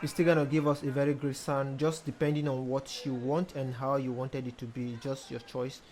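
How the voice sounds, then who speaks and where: A young man, a music producer casually talking through a tutorial step by step, pausing often with ums. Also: medium pitch. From Nigeria. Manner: relaxed, hesitant with frequent ums, explains step by step. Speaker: music producer teaching mixing. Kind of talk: casual screen-recorded tutorial.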